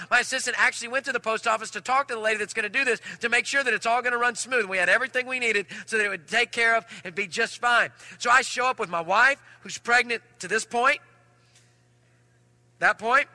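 A man preaching a sermon, telling a personal story in an animated way that swings from loud to hushed. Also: sits high, dry recording. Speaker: pastor.

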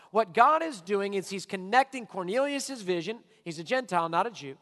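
A man with a high voice preaches a sermon in a church hall, his words trailing off into a long reverb. He drives his points emphatically, dropping low and quiet before rising to loud, near-shouted lines. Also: lively intonation, a little fast, hardly any pauses. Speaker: pastor.

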